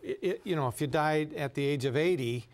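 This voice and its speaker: A man who is a doctor answers viewer health questions on a talk show, speaking in a measured, halting, explanatory way. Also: a little high. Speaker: doctor guest.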